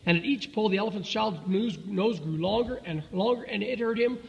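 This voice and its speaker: A man reading a children's story aloud in a relaxed way, with fillers and self-corrections. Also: high voice, brisk, gravelly, slightly rough, in a large hall, dull audio.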